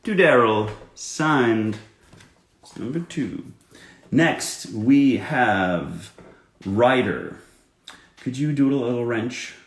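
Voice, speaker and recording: A man's voice: mid-range voice, expressive, drawn-out words, pauses often, reverberant. A male voice actor chatting casually while signing autographs, joking about his own drawing. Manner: self-deprecating, chats while drawing and writing. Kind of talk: live autograph-signing chat.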